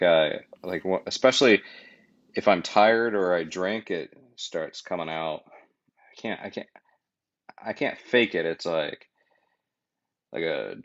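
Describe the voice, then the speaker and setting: A man with a low-set voice co-hosting a podcast in loose, joking banter. He rambles, cuts himself off and circles back. The sound is a little dull and lo-fi. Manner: rambling, jokey, self-interrupting. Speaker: podcast co-host.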